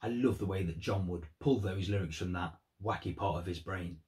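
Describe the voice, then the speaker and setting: A man's voice: low-pitched, normal speed, a little mellow. A man giving earnest, thoughtful commentary on song lyrics in a vlog. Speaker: music vlogger.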